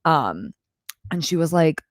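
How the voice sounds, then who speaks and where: A young woman hosts a live chat, casually telling a personal story on a clip-on mic, chatty, peppered with "like" and laughing as she goes. Her low voice is sing-song and slow, and the recording is dry with clean studio sound.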